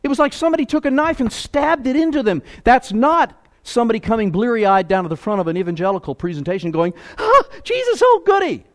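A man preaching a sermon, swinging between loud emphatic lines and hushed, low asides. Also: fast talker, hardly any pauses. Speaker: pastor.

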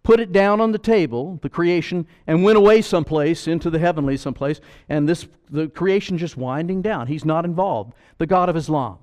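A man's voice: fairly high pitch, fairly quick, few pauses, a little mellow. A man preaching a sermon as pastor, emphatic and pleading, full of rhetorical questions.

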